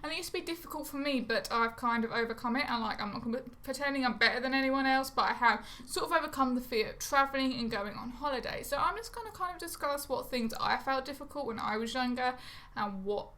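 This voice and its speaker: A woman's voice: sits high, fast talker, sharp tone. A young woman chatting to camera in a rambling, self-mocking way, swearing casually. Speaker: vlogger. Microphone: phone or camera close to her face.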